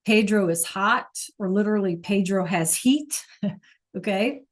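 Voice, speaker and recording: A woman teacher talks her online class through a lesson in a relaxed, unhurried way. She is chatty and casual, full of fillers and quick check-ins with her students. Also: medium pitch. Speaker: Spanish teacher.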